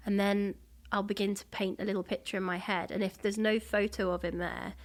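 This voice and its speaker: A woman guest in a conversational interview, talking in a chatty, animated way with many fillers. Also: mid-range voice, brisk. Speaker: guest voice actor.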